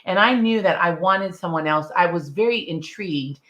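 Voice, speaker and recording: A middle-aged woman, an interview guest, telling her story in a bold, lively way and acting out the dialogue. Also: on the low side, moderate pace. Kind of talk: casual storytelling.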